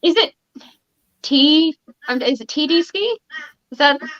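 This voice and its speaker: Young woman stream host, higher voice, chatty and rambling, lo-fi audio. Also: animated, measured pace, a bit bright. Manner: chatty, lots of fillers and restarts. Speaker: podcast host and game master. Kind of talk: casual livestream chat.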